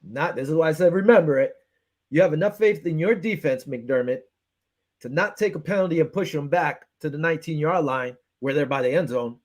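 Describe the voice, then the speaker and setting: A man with a slightly high voice hosts a casual sports talk show. He rants with frustration and acts out his phone calls in quoted back-and-forth. He keeps the energy up as he picks apart the defense. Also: fairly quick. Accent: Western New York.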